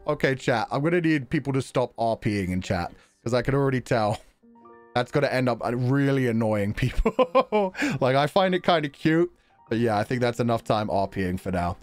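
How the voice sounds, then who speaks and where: A man's voice: medium pitch, very animated, moderate pace, soft background music. Guy streamer chatting w chat, laughs a lot, voice bounces all over, kinda self-deprecating. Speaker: game streamer reading chat. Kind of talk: casual livestream chat.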